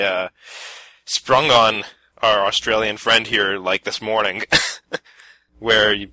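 Very bright-voiced male podcast host. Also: on the low side, dry recording, rough recording. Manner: easygoing, laughs often, reads listener submissions. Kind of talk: casual podcast chat.

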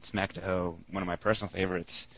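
A young man with a slightly low voice chatting on a casual podcast. He rambles, giggles a lot and reads listener messages aloud through a headset. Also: little pitch movement, fast, a bit bright, poor audio. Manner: giggly, rambling, laughs often. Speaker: podcast co-host. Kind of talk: casual podcast chat, reading listener mail.

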